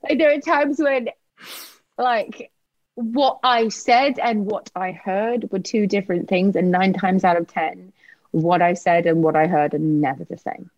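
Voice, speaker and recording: A woman's voice: medium pitch, fairly even intonation, a little slow, darkish tone, no echo, muffled recording. Candid, swearing woman in casual chat. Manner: candid, swears freely, laughs often.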